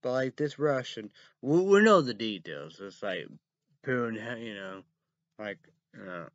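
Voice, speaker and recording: A man reading news headlines aloud and ranting about them in a rambling, casual way, breaking into loud outbursts and cursing. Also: mid-range voice, animated, no room sound, lo-fi sound. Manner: reads headlines slowly, then rants loudly with cursing.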